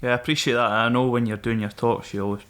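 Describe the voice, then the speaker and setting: A young Scottish man, once a Marine, is a podcast guest telling stories in casual, sweary banter. His medium-pitched voice is fairly bright and fairly even in intonation, and he talks at a quick pace.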